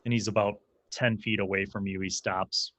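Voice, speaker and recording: A man's voice: fairly low pitch, level tone, normal speed, a bit bright, no room sound. A man narrating as dungeon master, talking loosely and filling his lines with "like". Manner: loose, rambling narration full of "like". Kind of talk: narrating a tabletop game.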